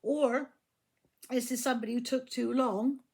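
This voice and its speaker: A woman's voice: on the high side, steady tone, moderate pace, darkish tone, breathy edge. A woman giving a casual tarot reading, blunt and profane, often repeating her phrases. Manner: blunt, swears freely, repeats herself. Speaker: tarot reader.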